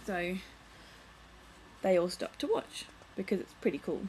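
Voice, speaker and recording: A woman's voice: lowish voice, big pitch swings, measured pace, a little mellow, a little hiss or hum, rough recording. A young woman vlogging at home, chatting casually as she shows and reads from a children's picture book, full of playful asides.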